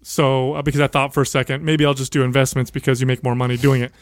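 A man in casual chat, starting a story of his own with relaxed asides. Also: mid-range voice, quick pace, no echo.

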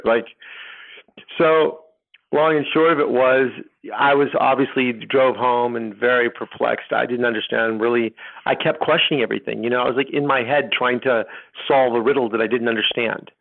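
A middle-aged man telling his personal story as a podcast guest, rambling and halting with many restarts. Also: medium pitch, fairly even intonation, creaky. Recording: tinny phone line.

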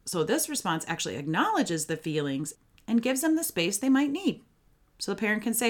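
A woman's voice: mid-range voice, very animated, fairly quick. A woman hosting a parenting podcast, explaining in a matter-of-fact, conversational coaching tone. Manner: matter-of-fact, warm coaching with acted example phrases.

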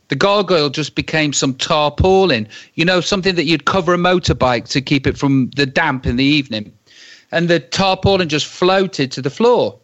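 A man telling a comic story with dramatic pauses and acted-out quotes. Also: on the high side, a bit bright, dull audio.

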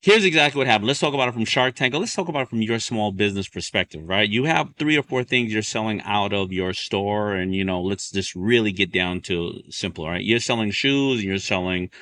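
A man hosting a podcast who explains business ideas in an animated, casual way with quick everyday examples. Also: on the low side. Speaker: podcast host.

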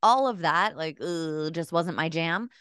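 A woman's voice: low-pitched, a little slow, a bit bright, clean tone, no echo, clean studio sound. A woman co-hosting a podcast in casual chat, opinionated and laughing often. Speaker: podcast co-host.

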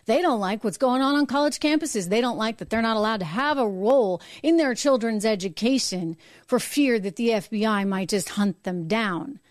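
A woman hosting a live-streamed political show, talking emphatically and indignantly, repeating her points and jumping higher in pitch when worked up. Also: lively intonation, moderate pace, no room sound, clean studio sound. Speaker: political talk show host.

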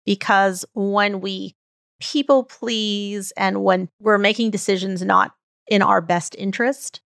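A woman podcast host in a reflective storytelling mode, earnest and heartfelt as she lingers over her stories. Her voice carries a slight vocal fry and sits at an ordinary middle pitch. The recording is close and dry, with no room sound. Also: a bit bright, dry recording.

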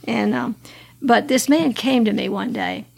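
A woman's voice: fairly high pitch, measured pace, creaky, a little mellow, slightly rough. A woman, telling her life story earnestly with restarts and laughs. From Alabama, US. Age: 80s. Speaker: guest sharing her testimony. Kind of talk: personal testimony.

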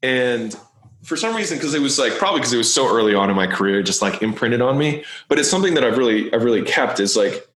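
A man talking bluntly and quickly in a casual interview over a video call, peppering his talk with "like" and "right?". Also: mid-range voice, fairly bright tone. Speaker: business guest being interviewed. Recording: echoey video call audio.

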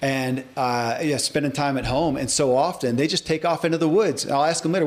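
A man's voice: on the high side, fairly quick, few pauses. A man in his forties hosting a podcast interview, talking in an emphatic, rambling way with frequent restarts. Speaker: podcast host. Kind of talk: casual interview chat.

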